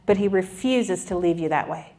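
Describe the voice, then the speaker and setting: A woman's voice: on the low side, normal speed, dark tone. A woman in her forties giving an earnest, candid faith talk with touches of self-deprecating humor. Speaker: Christian speaker.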